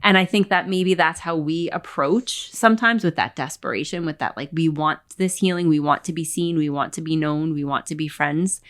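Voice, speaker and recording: A woman co-hosting a podcast, talking in a casual, animated way about faith and trust, often acting out quoted dialogue. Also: deep voice, normal speed, hardly any pauses. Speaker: podcast co-host.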